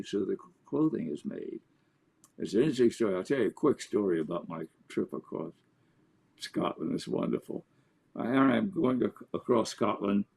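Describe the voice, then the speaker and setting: A man, an author and interview guest, telling anecdotes in an animated way. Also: lowish voice, creaky, husky. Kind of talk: storytelling in an interview.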